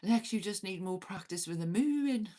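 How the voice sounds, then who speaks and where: A woman's voice: medium pitch, expressive, moderate pace, warm tone. A Welsh woman hosting a livestream from her cabin, chatting casually with viewers, laughing often and swearing freely. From Wales. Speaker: livestream host.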